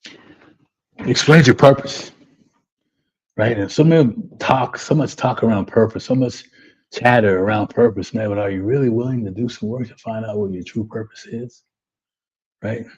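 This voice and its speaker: A man's voice: lowish voice, normal speed, darkish tone, slightly rough. A man hosting a live webinar as a life coach, giving a motivational talk and tagging his lines with "right?" and "man.". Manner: repetitive, keeps asking "right?" and saying "man". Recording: dull lo-fi audio.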